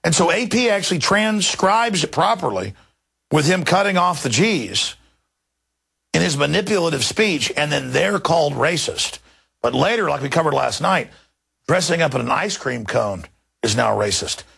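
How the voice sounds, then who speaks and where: Gravelly yet fairly bright, with a breathy edge, the slightly high voice belongs to a man in his thirties who hosts a news commentary show on talk radio. He moves at a moderate pace and sounds expressive, mocking his reports with indignation and shifting into exaggerated impressions.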